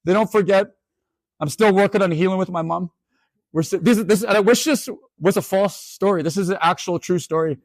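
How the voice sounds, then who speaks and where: Man in his 40s, Canadian, keynote storyteller, self-mocking, fairly high voice, dry sound, lively comic delivery. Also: no echo. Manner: animated, self-mocking, quick asides. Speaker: keynote speaker. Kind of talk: humorous storytelling talk.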